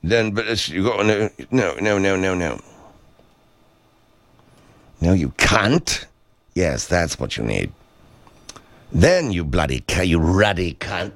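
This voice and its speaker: A low-voiced man rambles through loose comic talk. His pitch jumps around a lot, and he drops crude, jokey asides as he goes. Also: sing-song, slow pace, pauses often.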